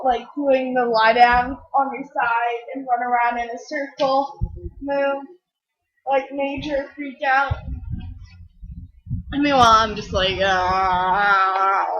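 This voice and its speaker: A woman's voice: fairly high pitch, fairly bright tone, breathy edge, lo-fi sound. A teenage girl chatting casually while playing a game, rambling and giggling, a bit tired from little sleep, and acting out the people she quotes. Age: teens. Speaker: gaming video creator. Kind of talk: rambling casual chat over gameplay.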